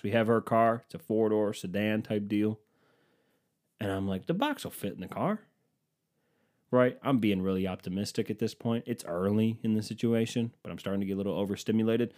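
A man's voice: on the low side, a little mellow. A man telling a comedic story in a casual, rambling way, sarcastic and full of swearing.

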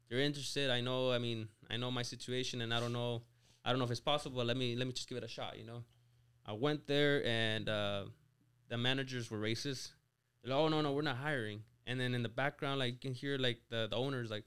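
A man from Mexico in his twenties, on a podcast as a guest, talks about his life as an auto shop owner in easygoing chat full of "like," "you know," and restarted words. His mid-range voice runs fast, a bit bright and smooth.

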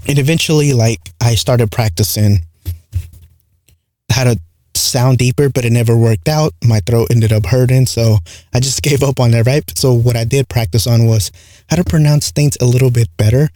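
A man with a light accent talks through a casual solo podcast, his voice mellow and dark. He rambles and leans on fillers, recorded close and dry in a small home room with no echo. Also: mid-range voice, fairly even intonation, normal speed. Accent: light non-native English accent. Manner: rambling, frequent "like" and "right?" fillers. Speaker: podcast host. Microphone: close studio mic with compressor.

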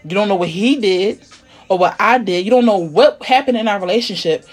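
A woman in casual chat, talking bluntly and emphatically, often swearing, sometimes dropping to a low, quiet tone. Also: a little fast, faint music behind. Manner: blunt, profane, emphatic venting; drops to a low, quiet tone to make a point. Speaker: conversation partner.

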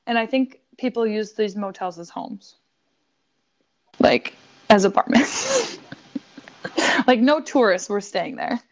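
A woman from Buffalo, New York, telling a story in casual podcast chat, animated and swearing, laughing often. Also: mid-range voice, takes it slowly, pauses often.

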